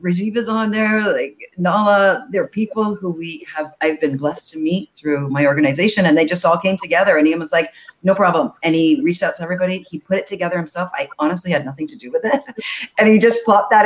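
A nonprofit founder guesting on a live show, telling stories in a chatty, animated way with lots of fillers. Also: mid-range voice, quick pace.

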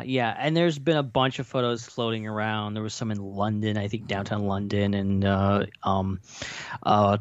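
A man's voice: medium pitch, no echo, dull audio. A man co-hosting a podcast in casual chat, rambling and speculating with many fillers. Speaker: podcast co-host.

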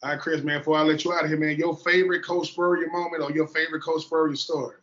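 A middle-aged man hosts a casual podcast chat with a high voice, joking freely and slipping into the voices of people he quotes. The sound is dull and lo-fi. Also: level tone, quick pace, fairly bright tone. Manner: talkative, loose and joking, acts out quoted people. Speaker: podcast host.

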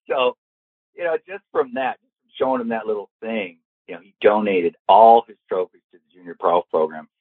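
A man telling a long casual anecdote, lively and acting out the voices of the people in it. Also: on the low side, moderate pace, dry recording. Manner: animated, acts out quoted voices. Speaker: storyteller guest. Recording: tinny phone-like sound.

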